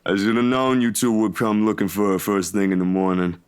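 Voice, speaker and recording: A man voicing a groggy young man just woken at dawn, talking in a low sleepy drawl in a game playthrough. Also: little pitch movement, brisk, smooth, lightly acted. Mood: wry.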